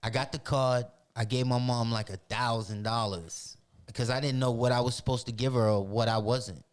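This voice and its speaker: A man spins long, animated stories from his youth. He talks in casual street slang, full of profanity. His voice sits at a middle pitch for a man. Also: moderate pace. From Roxbury, Boston. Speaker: podcast guest. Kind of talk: casual storytelling.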